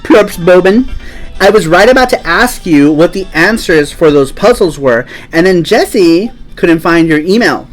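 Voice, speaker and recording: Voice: mid-range voice, expressive, moderate pace, few pauses, soft background music, rough recording. A live-stream host chatting casually with a co-host, teasing and joking while hopping between topics.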